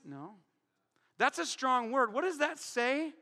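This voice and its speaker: A married man preaching a sermon to his congregation, joking and swinging between loud calls and hushed asides. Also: very high voice, big pitch swings, moderate pace, vocal fry. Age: adult, married. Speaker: pastor. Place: church hall before a congregation. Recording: long hall reverb.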